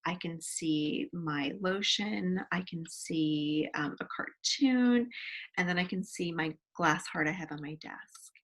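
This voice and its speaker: A woman counselor runs a guided wellness exercise from her home office, speaking in a fairly low voice. She counts aloud gently and demonstrates sighs.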